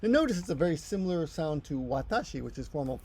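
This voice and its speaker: Gravelly, mellow-voiced man teaching casually. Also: a little high, big pitch swings, quick pace. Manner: rambling, self-correcting, chatty asides. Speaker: Japanese language teacher. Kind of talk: casual explanatory lesson.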